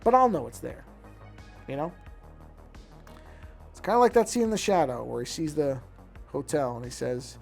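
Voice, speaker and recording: A man with a somewhat high, gravelly voice talks casually as he works on a drawing. He muses aloud, picks at his own mistakes and often trips into restarting his sentences. Faint music plays underneath. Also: moderate pace, pauses often, darkish tone. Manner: musing, self-critical, restarts sentences. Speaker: streamer. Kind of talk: casual talk while drawing.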